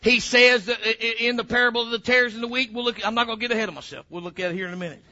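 A man preaching a sermon as pastor, emphatic and fervent, breaking into sudden loud bursts. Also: extremely high pitch, steady tone, very fast, lo-fi sound.

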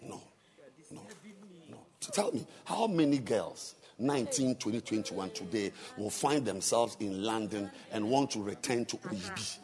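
A man preaching a sermon. He swings between soft asides and loud exhortation. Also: on the low side, animated, normal speed, few pauses. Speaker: pastor.

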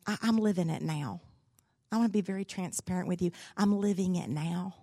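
A woman's voice: fairly low pitch, fairly quick, dark tone, slightly rough, dry recording. Folksy woman telling sermon stories. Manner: folksy, candid and humorous. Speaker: speaker, pastor's wife. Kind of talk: sermon-style devotional storytelling.

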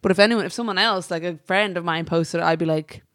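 A young adult woman with an Irish accent, co-hosting a podcast in animated, laughing casual chat. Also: on the low side, fast, dry recording, clean studio sound. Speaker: podcast co-host.

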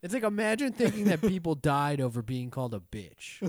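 Man, slightly high voice, dry close sound, casual profane chat, animated storytelling. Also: a little fast, no echo. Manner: animated storytelling, acts out quoted lines, frequent swearing.

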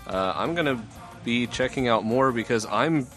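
A man co-hosting a casual podcast, talking in a rambling way with halting restarts. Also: mid-range voice, expressive, a bit bright, soft background music. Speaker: podcast co-host.

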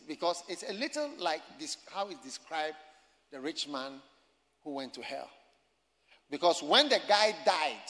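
Male preacher, high and bright, emphatic storytelling sermon; long hall reverb. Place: campus gathering.

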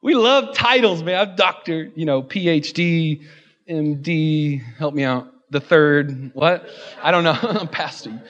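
A male pastor with a high voice delivers a sermon in a church, dropping in playful, joking asides before rising into fervent, repeated refrains. His pace is measured and his tone fairly bright, though the recording sounds muffled.

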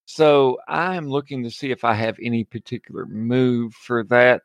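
A man's voice: mid-range voice, moderate pace, dry recording. A man playing a tabletop game, chatting casually and joking with lots of laughs. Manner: jokey, laughing between lines. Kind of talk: casual chat.

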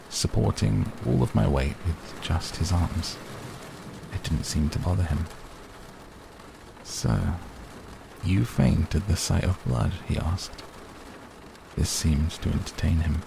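A man reads a novel aloud at a measured, unhurried pace. His voice is very low with a gravelly edge. A constant hum sits under the recording. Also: steady tone. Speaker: narrator. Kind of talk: audiobook narration.

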